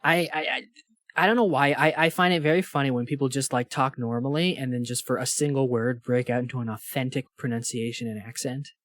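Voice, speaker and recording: A man's voice: mid-range voice, steady tone, a little fast, a bit bright, no echo, studio quality. Wry male podcast co-host. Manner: wry, teasing, stammering restarts. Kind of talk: casual chat.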